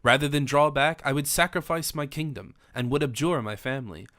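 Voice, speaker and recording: A man's voice: medium pitch, a little fast, sharp tone, no room sound, studio quality, natural voice. A man voicing a passionate young king in an audiobook, vowing and commanding in formal old-fashioned speech. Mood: vehement. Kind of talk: audiobook character reading.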